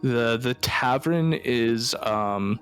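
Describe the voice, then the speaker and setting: A man running a tabletop game as game master, narrating in a casual, halting way with frequent swearing. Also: medium pitch, faint music behind.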